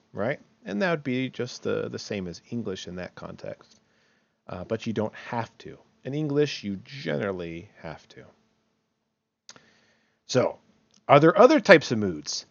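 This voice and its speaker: A man's voice: on the low side, vocal fry, no room sound, lo-fi sound. A man teaching English grammar in a recorded online lecture, chatty and thinking aloud, often checking in with "right?" and correcting himself as he goes.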